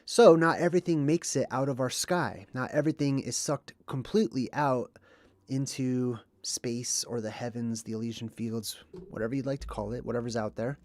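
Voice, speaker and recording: Male livestream host, mid-pitched, rambling and chatty with lots of ums, dry close sound. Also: moderate pace, a little mellow, no room sound. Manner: rambling and conversational, with frequent ums and asides. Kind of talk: casual livestream talk.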